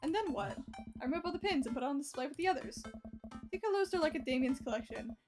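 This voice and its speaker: A young woman streaming a dating game, reading the dialogue aloud, animated, laughing often and swearing at misses. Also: high-pitched, fast talker, music in the background.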